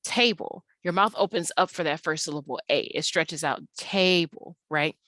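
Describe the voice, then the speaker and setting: A woman's voice: sits low, normal speed, bright, forceful tone, no echo. A woman teacher giving a recorded online lesson, speaking patiently and drawing out key words as she explains, recorded on a webcam. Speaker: English teacher.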